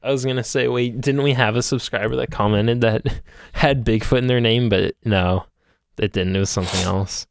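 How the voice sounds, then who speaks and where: A man's voice: mid-range voice, fairly even intonation, moderate pace, vocal fry, clear, resonant tone, no room sound. A man co-hosting a podcast in casual chat, laughing often and rambling with fillers. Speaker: podcast co-host.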